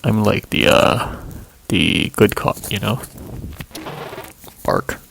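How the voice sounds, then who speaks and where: A man's voice: fairly low pitch, takes it slowly, gravelly, a bit bright, a little hiss or hum, heavily acted, poor audio. A man voicing a menacing male gang thug who bullies a witness in a tough-guy swagger. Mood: mock friendly. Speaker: game character voiced by player.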